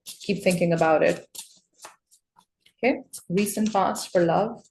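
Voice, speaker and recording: A woman reading tarot cards to her viewers with a slightly low voice, bursting into excited exclamations as she goes. The sound carries a noticeable echo from the room around her. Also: a little slow, vocal fry, a little hiss or hum. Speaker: tarot reader. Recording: echoey room.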